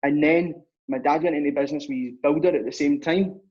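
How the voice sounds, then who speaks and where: A man's voice: a little high, a little fast, darkish tone, slightly rough. A young man, a podcast guest telling his story in a chatty, rambling way. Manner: chatty, rambling, acts out dialogue. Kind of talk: casual storytelling. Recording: muffled lo-fi recording.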